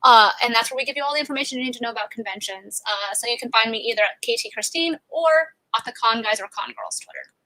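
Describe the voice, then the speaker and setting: Upbeat woman with a bright, high voice. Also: fast, low-quality recording. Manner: upbeat, plugging her channels. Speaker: podcast guest. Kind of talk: casual chat.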